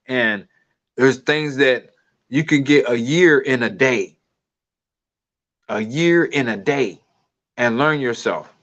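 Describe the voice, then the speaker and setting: A man's voice: medium pitch, a bit bright. A man giving a loose, digressive commentary, laughing now and then as he talks. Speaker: video commentator. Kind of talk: casual rambling commentary. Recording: dull lo-fi sound.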